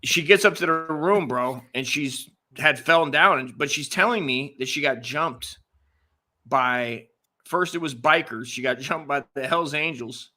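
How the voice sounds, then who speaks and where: Bright-voiced man telling a crude story. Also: on the high side, unhurried. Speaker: podcast co-host. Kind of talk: casual storytelling chat.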